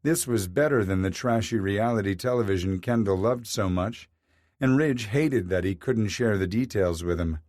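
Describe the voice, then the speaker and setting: A man's voice: fairly low pitch, normal speed, a little mellow, no room sound. Man narrating an audiobook, dry sound. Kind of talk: scripted narration.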